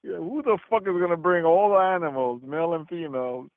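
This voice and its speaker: A man's voice: on the high side, expressive, brisk, no room sound. A man in his forties in a casual heated debate, stammering, repeating words and laughing often. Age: 40s. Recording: tinny phone-like call audio.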